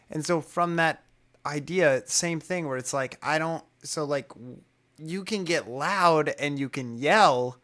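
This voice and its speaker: Male co-host for a casual podcast, loud and passionate, restarts his sentences often. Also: fairly high pitch. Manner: loud, self-described passionate talker; rambling, restarts a lot.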